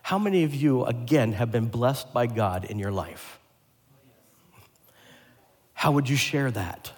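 A pastor delivering a lively sermon, asking the congregation questions and joking with them. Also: male voice, mid-range voice, unhurried. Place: church sanctuary. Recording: long hall reverb.

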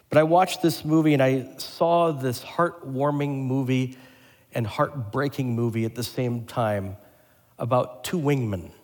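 A pastor delivering a lively sermon, asking the congregation questions and joking with them. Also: male voice, mid-range voice, normal speed. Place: church sanctuary. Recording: long hall reverb.

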